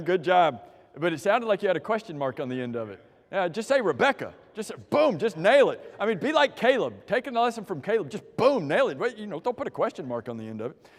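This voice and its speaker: High-voiced joking Bible class teacher. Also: male voice, big-room sound. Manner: lively, joking teacher calling on people by name. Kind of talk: quiz review with a church class. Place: church classroom.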